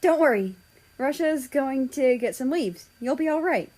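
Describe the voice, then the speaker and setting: A woman voicing a young male cat who speaks high, loud and urgent. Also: expressive, unhurried.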